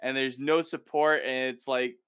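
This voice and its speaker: A male podcast host chatting casually, retelling scenes with lively, acted-out asides. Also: medium pitch, smooth. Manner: animated storyteller, quick to act out quotes. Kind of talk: casual chat recapping a TV episode.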